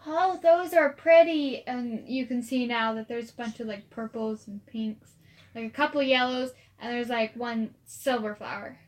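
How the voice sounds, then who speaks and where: A woman's voice: on the high side, fairly even intonation, normal speed. A woman running a tabletop game as game master, playful and slipping into character voices.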